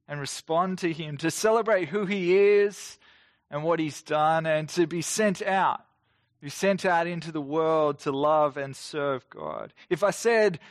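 A man's voice: on the high side, no echo, clean studio sound. A man in his thirties preaching a livestreamed sermon in an earnest, conversational way, full of questions to the listener. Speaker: pastor. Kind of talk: online sermon. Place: near-empty room, lockdown livestream.

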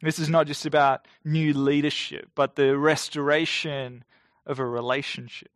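A man's voice: a little high, little pitch movement, fairly bright tone, dry recording. Male preacher with a dry close sound. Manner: measured, emphatic delivery with slowed key phrases. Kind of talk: sermon.

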